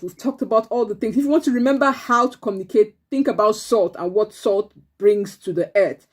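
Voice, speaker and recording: A woman's voice: mid-range voice, brisk, hardly any pauses. A woman teaching an online church class for preteens, encouraging them and repeating their answers back. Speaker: Sunday school teacher.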